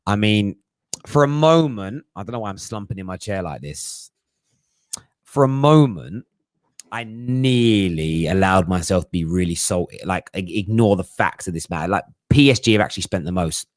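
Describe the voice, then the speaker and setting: A man's voice: deep voice, expressive, moderate pace, no echo, studio quality. A young man hosting a casual live chat, jokey and slangy, laughing often. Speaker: livestream host.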